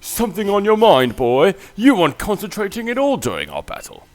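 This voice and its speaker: A man's voice: sits high, wildly swooping pitch, brisk, voice pushed up. A man voicing a haughty, pompous nobleman who sneers at a child. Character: pompous haughty man, elder royal descendant.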